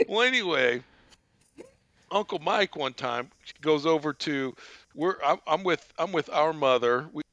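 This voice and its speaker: A man's voice: a little high, normal speed, pushed and bright, no room sound. A man hosting a podcast, telling a rambling, profane family story and laughing often. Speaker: podcast host. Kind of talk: casual storytelling.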